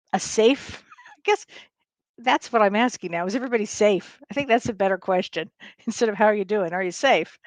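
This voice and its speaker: A woman's voice: medium pitch, dry recording. An older woman hosting a casual livestream as a spiritual medium, telling stories with frequent laughter and rambling restarts. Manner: chatty storyteller, laughs often, rambling restarts. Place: home livestream. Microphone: webcam or streaming mic.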